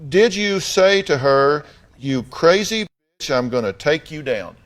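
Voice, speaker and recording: A man's voice: fairly high pitch, lively intonation, a little slow. A man hosting a talk show, bluntly questioning a guest with dry humor.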